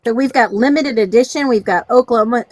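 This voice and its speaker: A woman co-hosting a casual livestream, cheerful and quick to laugh, calling out where viewers are from. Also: fairly high pitch, no echo, studio quality. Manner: cheerful, laughs often, calls out chat locations. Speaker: livestream co-host.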